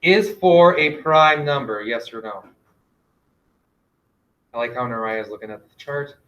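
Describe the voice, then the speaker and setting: A male teacher giving a classroom math lesson, gently directing students and quizzing them with questions. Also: medium pitch, unhurried, muffled recording. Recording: echoey classroom.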